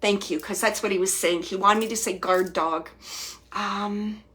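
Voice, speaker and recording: A woman hosting a psychic reading, relaying spirit messages in a soft, halting way with frequent restarts and repeated phrases, sometimes dropping to a near whisper. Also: mid-range voice. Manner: drops to near-whispers at times. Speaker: psychic medium host.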